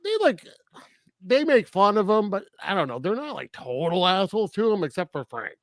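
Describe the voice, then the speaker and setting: A man talking casually on a film review podcast, his voice a touch higher than most men's. He laughs often and keeps the chat joking and loose. The sound is dry and close, with no room around him. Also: big pitch swings, normal speed, dry recording. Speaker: podcast co-host.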